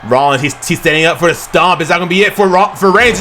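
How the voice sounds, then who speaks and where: A man giving excited amateur play-by-play commentary over a video game, stumbling and correcting himself, then bursting into shouts at big moves. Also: on the high side, quick pace, hardly any pauses, soft background music. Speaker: play-by-play commentator for his own game session.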